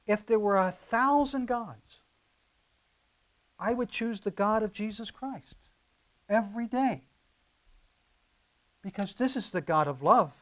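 A man's voice: sits high, a bit bright. A man preaching a sermon, impassioned and emphatic, building through repeated phrases and slipping into conversational asides with stumbles and restarts.

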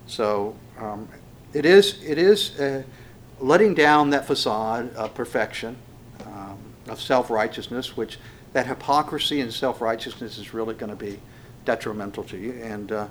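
A man of middle pitch preaches a conversational sermon. His talk is loose and folksy, with frequent fillers and restarts. When he quotes the verses, he slows down and lifts his voice. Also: a little hiss or hum. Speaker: pastor. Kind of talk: conversational sermon with scripture reading.

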